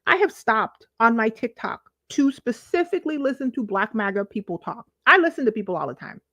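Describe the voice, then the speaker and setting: A woman's voice: on the high side, fairly quick, no echo. A woman hosting a casual livestream, talking straight to her chat with emphatic repeats and asides. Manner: animated, talks to chat, emphatic repetition. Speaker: livestream host.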